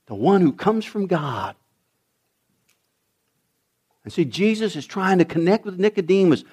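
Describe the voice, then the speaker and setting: A middle-aged man preaching a sermon, telling a story with lively, dramatic delivery and bursts of shouting as he acts out the characters. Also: sits high. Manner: animated storytelling, acting out voices with shouts. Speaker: pastor.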